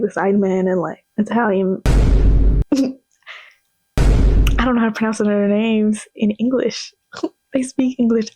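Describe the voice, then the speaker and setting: A woman's voice: mid-range voice, mellow, slightly rough, no echo, rough recording. A young woman in her twenties chatting casually as she reacts to clips, gushing and full of slang. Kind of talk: casual chat.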